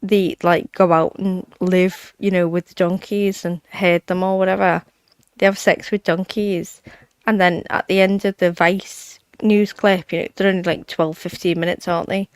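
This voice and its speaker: A woman's voice: lowish voice, little pitch movement, moderate pace, smooth, dry recording. A woman, chatting bluntly and casually on a talk panel and laughing often. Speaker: panel guest. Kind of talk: casual chat.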